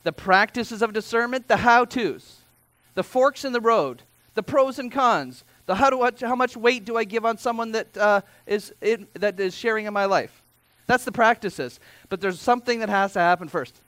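A man preaching a sermon as pastor, speaking in a conversational way with asides and quick self-corrections. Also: high voice, a bit bright, dry recording.

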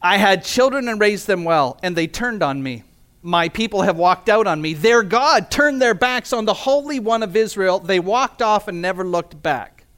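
A male pastor delivers a sermon in a fairly high voice. He reads scripture and presses his points with earnest emphasis and rhetorical questions. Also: lively intonation, moderate pace, a bit bright. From Canada.

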